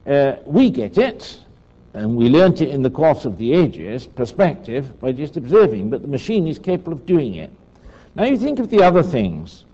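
A man's voice: medium pitch, mellow. Older man talking chattily, dull recording. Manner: chatty, asks the listeners for agreement. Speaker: speaker giving a talk. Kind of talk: rambling talk with asides.

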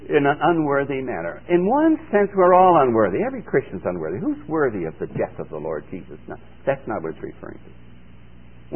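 A man's voice: medium pitch, husky. A man giving a radio sermon as a Bible teacher, reading scripture aloud and then explaining it plainly with rising emphasis. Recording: phone-like old radio broadcast with long reverb.

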